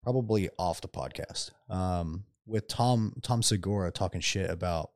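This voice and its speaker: A man co-hosting a gaming podcast, chatting casually with heavy swearing and animated rants. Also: sits low, moderate pace, no room sound, clean studio sound. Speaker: podcast co-host. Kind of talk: casual chat.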